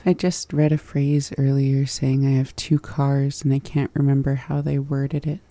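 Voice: mid-range voice, monotone, normal speed, mellow. A learner chatting casually in a lesson, thinking aloud about how a sound feels. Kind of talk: casual chat.

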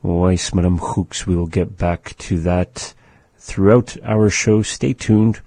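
A deep, mellow male voice that moves at a very slow, deliberate pace. He teaches a language lesson and says each word twice with patient repetition. The sound is dry and close, with a husky edge. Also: fairly even intonation, no echo.

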